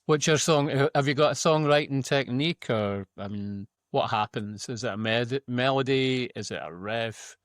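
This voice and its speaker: A man's voice: mid-range voice, normal speed, hardly any pauses, dry recording, studio quality. A man interviewing a musician for a magazine online, asking several rephrased questions in a row. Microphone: video call.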